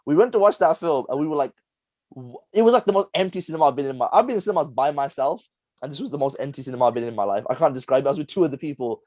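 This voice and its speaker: A young man, co-hosting a casual podcast chat, rambling through animated stories with lots of laughter. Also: a little high, rapid-fire, no room sound. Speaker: podcast co-host.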